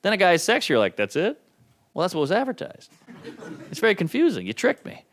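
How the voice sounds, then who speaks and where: A man doing a stand-up comedy set with a wry, self-deprecating delivery, swinging between low mutters and sudden high outbursts. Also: huge pitch swings, fast talker, a bit bright, a little hiss or hum. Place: comedy stage before a laughing audience.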